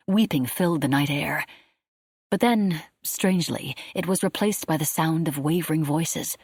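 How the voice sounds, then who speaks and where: A woman reading a wartime novel aloud as an audiobook, in a steady, measured storytelling manner. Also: sits low, husky, no echo, clean studio sound. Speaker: audiobook narrator. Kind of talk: scripted audiobook narration.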